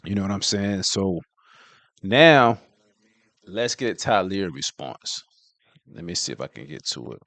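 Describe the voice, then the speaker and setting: A man's voice: low-pitched, lively intonation, a little slow, gravelly, pauses often, fairly bright tone, no room sound. A man hosting a reaction channel, talking casually with lots of filler phrases between clips. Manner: laid-back, heavy on filler phrases.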